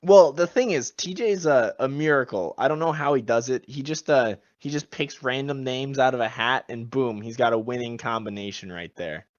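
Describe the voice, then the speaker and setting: A man's voice: medium pitch, moderate pace, hardly any pauses, no echo. A man co-hosting a casual comedy podcast, telling goofy, absurd tall tales in a joking manner. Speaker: podcast co-host. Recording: dull lo-fi sound, dry.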